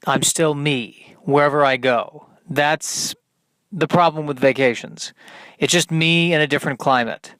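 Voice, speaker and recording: A man hosting a solo podcast, rambling through deadpan, self-deprecating asides. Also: on the high side, measured pace, smooth, no echo. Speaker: podcast host. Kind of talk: solo comedic monologue.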